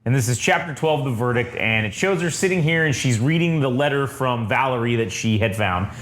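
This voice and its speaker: A man's voice: medium pitch, animated, fairly quick, fairly bright tone, roomy sound. A man co-hosting a podcast, retelling a comic's plot casually with lots of swearing and acted-out quotes. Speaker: podcast co-host. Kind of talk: casual comic review chat.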